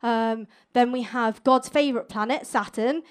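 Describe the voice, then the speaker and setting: A woman's voice: a little high, clear, resonant tone. A young woman doing a playful, cheeky stand-up comedy set on stage before a live audience. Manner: playful, cheeky, quick with jokes.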